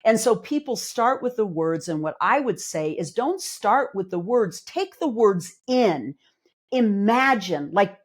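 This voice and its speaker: A woman's voice: medium pitch, darkish tone. A woman clinical psychologist and life coach, explaining ideas earnestly in a casual podcast conversation, with emphatic, everyday examples.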